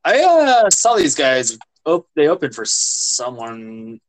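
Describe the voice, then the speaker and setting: A man's voice: medium pitch, wildly swooping pitch, slow pace, rough recording. A man co-hosting a podcast, chatting casually and eagerly about songs, saying "yeah" and "like" a lot. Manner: enthusiastic, loose, says "yeah" and "like" a lot. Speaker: podcast co-host. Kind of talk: casual music chat.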